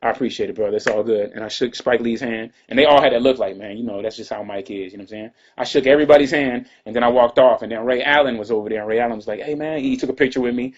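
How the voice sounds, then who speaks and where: A man's voice: medium pitch, racing, hardly any pauses. A man casually telling a personal story to fans on a livestream, loose and drawling with lots of asides and restarts. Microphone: livestream computer mic. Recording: dull lo-fi livestream audio.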